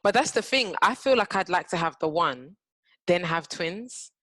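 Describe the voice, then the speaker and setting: A woman co-hosting a casual podcast chat, reacting quickly and expressively. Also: lowish voice, expressive, pushed and bright, no echo. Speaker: podcast co-host.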